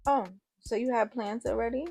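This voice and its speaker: A woman voicing a teasing, sarcastic teenage boy on the phone in an audio story, her voice a little gravelly. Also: on the high side, moderate pace, dark tone, faint music behind. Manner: joking, sarcastic.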